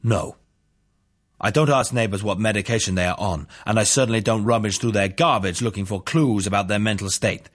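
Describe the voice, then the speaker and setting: A nervous neighbor on the witness stand, hedging with "uh"s and trailing off, as a man reads him in his own low, husky voice. His replies are halting and wary. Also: natural voice. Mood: hesitant. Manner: hesitant, with fillers.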